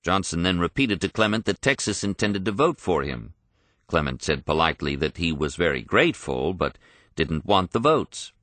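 A man reading a history audiobook in a measured, even storytelling manner. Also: low voice, no echo. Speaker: narrator. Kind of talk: scripted audiobook narration.

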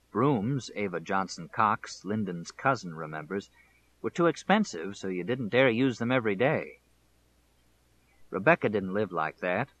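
Guy reading a history audiobook, slow and steady, lowish voice. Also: poor audio. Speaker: narrator. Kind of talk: scripted audiobook narration.

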